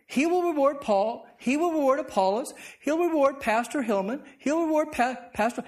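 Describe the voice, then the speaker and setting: High-voiced pastor teaching a Bible class. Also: male voice. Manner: asks the class questions and answers them himself.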